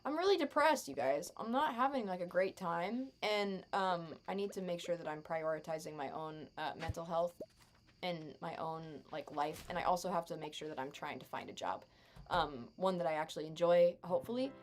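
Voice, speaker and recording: A woman's voice: fairly low pitch, normal speed, a little hiss or hum. A young adult woman chatting casually with her live stream chat while gaming, sarcastic and chatty.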